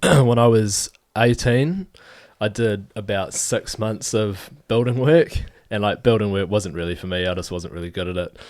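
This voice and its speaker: A man guesting on a podcast, telling a casual story in a relaxed way. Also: fairly low pitch, normal speed, few pauses, no room sound, clean studio sound.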